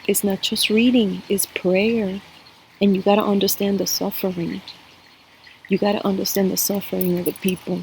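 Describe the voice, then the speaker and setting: A tarot and coffee-cup reader speaks straight to her viewers on camera, giving an earnest, emotional spiritual cup reading. Her voice sits in the mid range, and the low-quality recording carries a little hiss or hum.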